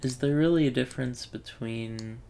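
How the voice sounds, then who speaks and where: A man's voice: medium pitch, normal speed, vocal fry, mellow, clear, resonant tone. A man thinking aloud in wry self-talk while commentating a puzzle game. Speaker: let's play gamer.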